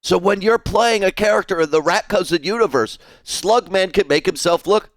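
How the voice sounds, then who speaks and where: A man's voice: sits high, moderate pace, hardly any pauses, dry recording, clean studio sound. A man live-streaming while he draws, chatting casually, swearing freely and reading out viewers' messages. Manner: chatty, swears freely, reads chat aloud.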